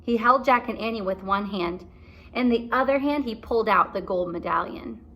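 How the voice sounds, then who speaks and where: Bright-voiced teacher reading aloud. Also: female voice, medium pitch, moderate pace. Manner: encouraging, asking questions. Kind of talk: read-aloud for young children.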